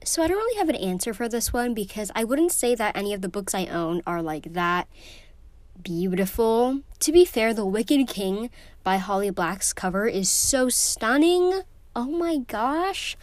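A woman's voice: mid-range voice, very animated, moderate pace. A teenage girl talks casually to camera about books, gushing and emotional, her speech full of ums and likes. Her voice sits in a middling range, and the recording is dry and close with no room echo. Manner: gushing and emotional, many fillers. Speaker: book vlogger. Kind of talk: casual vlog chat.

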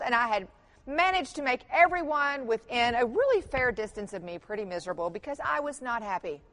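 A middle-aged woman giving a conference workshop talk, telling family stories with humor and lively emphasis. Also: mid-range voice. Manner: animated storytelling with humor, mixes in quoted voices. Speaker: conference speaker.

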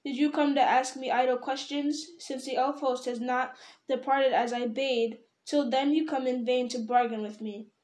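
A woman's voice: high voice, fairly even intonation, normal speed, echoey room, lightly acted. A woman reading aloud, voicing a proud, wrathful male dwarf king who raises his voice in anger. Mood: stern. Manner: loud, angry outbursts.

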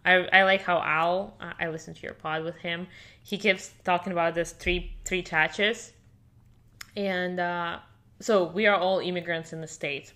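A woman's voice: sits low, pushed and bright. A woman who learned English as an adult, telling her story to a podcast host in a chatty way with lots of "like" fillers. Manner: non-native English speaker, fluent, with many fillers like "like". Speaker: podcast guest. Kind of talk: casual conversational storytelling. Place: lives in Miami, United States.

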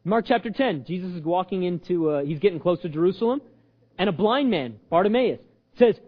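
A man's voice: sits high, a little fast, lo-fi sound. A man preaching a sermon as pastor, acting out the voices he quotes and joking along the way. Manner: animated, acts out quoted voices, jokes with audience.

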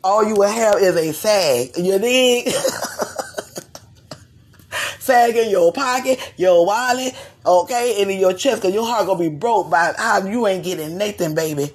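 A woman host, giving sassy, animated gossip commentary straight to her listeners. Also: mid-range voice, measured pace, husky.

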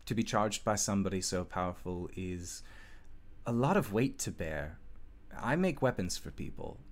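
A man voicing Marissa, a woman blacksmith from the forest, speaking gently and formally. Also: fairly low pitch, lively intonation, moderate pace, natural voice. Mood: earnest. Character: female elven smith Marissa, earnest and awed.

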